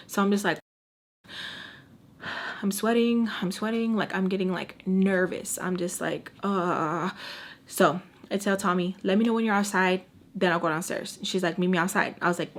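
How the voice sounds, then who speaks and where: A woman's voice: mid-range voice, fairly even intonation, normal speed, fairly bright tone. A young woman in her twenties casually telling a personal story, acting out her own lines and repeating phrases for emphasis. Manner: dramatic, acts out her own past lines in quotes. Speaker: storytime vlogger.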